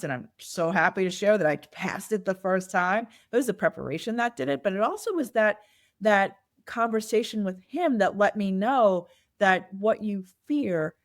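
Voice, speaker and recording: A middle-aged woman whose voice is on the low side guests on a podcast, where this nonprofit fundraising consultant thoughtfully and openly tells personal stories and acts out quoted dialogue. The recording is dry and studio quality.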